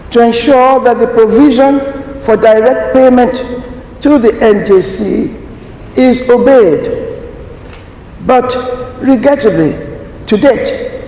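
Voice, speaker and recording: A man giving a formal prepared speech at a conference, slow and deliberate, stressing key words. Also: very high-pitched, warm tone. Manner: slow, deliberate, emphatic delivery. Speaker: conference speaker. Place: large conference hall. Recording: echoey hall, faint ambience.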